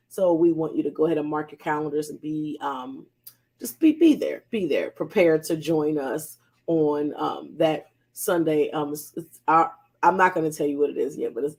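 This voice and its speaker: Gravelly-voiced counselor, emphatic. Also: medium pitch, a little mellow. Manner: emphatic, repeats key phrases, laughs often, casual slang. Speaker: counselor hosting a weekly mental health segment. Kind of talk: casual motivational talk.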